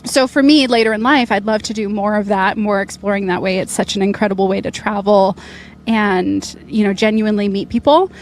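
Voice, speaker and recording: A woman's voice: medium pitch, steady tone, a little fast. Young adult woman, enthusiastic rally competitor, loose filler-heavy delivery, recorded outdoors with light noise. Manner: chatty, upbeat, many fillers. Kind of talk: casual interview. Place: outdoors at an event finish line.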